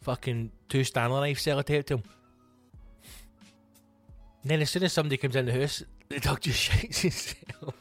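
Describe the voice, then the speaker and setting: A Scottish man hosting a comedy podcast, ranting in an animated, sweary monologue. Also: mid-range voice, normal speed, pauses often, soft background music. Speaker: comedian host.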